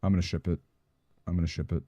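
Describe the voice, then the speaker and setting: Fast-talking and low-pitched, this gaming streamer mutters anxiously while planning his moves in let's play commentary. His tone is dark with little pitch movement, and there's no echo.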